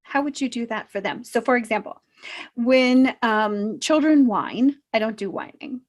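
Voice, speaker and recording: A woman with a slightly high voice talks very slowly as a self-help coach. She is reflective and gently encouraging, and she often pauses to think in an unscripted talk to camera.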